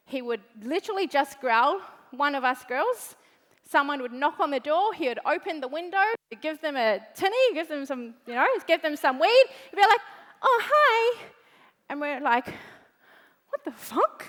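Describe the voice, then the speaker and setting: A woman's voice: sits high, a bit bright. A woman giving a brash, swearing motivational talk on a big event stage. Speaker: motivational speaker. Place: large event hall stage. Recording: reverberant large hall.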